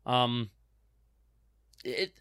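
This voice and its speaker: A young man talks loosely through listener questions, circling back and restarting his sentences. His voice sits at an ordinary pitch with a dry, close sound and no room around it. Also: extremely slow, fairly bright tone, smooth, no echo. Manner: rambling, restarts often, reads out fan questions. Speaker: sports podcast co-host. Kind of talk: casual chat.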